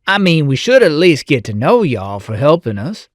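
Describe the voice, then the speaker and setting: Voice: mid-range voice, sing-song, moderate pace, a little hiss or hum, natural voice. A performer voicing a small, curious young boy rabbit who chats playfully, says y'all and laughs often in a fan-made cartoon.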